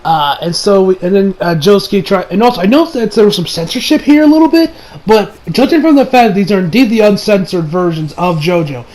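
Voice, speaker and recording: High-voiced man, rambling anime reviewer. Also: expressive, brisk, darkish tone, poor audio. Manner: rambling, many fillers, frequent swearing. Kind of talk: casual video review.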